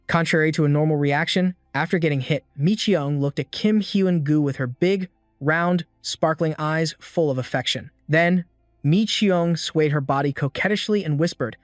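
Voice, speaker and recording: A man with a somewhat high voice reads a comic story recap in an even, scripted way. The sound is dry and close to the mic, and faint music plays under him. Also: normal speed, dry recording. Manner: even storytelling, reads quotes without acting them. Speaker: recap narrator.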